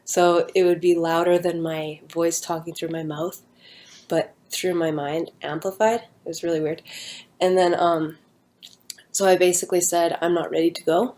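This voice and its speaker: A woman's voice: lowish voice, little pitch movement, moderate pace, mellow. A young woman talking at home, telling a personal story in a rambling casual way with many fillers and restarts. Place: at home with her dog nearby.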